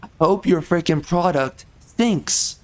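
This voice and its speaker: A man's voice: a little high, takes it slowly. A man ranting as he commentates over gameplay, exasperated and heated, repeating himself and swapping in mild stand-ins for curses.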